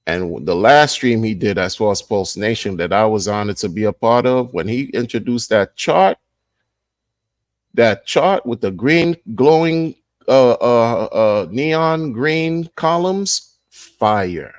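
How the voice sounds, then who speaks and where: A man's voice: medium pitch, expressive, slow pace, no echo, clean studio sound. A man hosting a casual livestream, rambling and repeating himself as he reads the chat. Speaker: livestream host.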